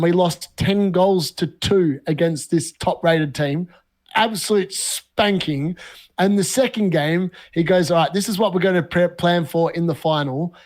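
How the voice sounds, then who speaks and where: A young man from Australia, a podcast guest, telling animated, laugh-filled stories in casual talk. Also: a little high. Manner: animated, laughs often, lively anecdotes. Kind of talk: casual storytelling.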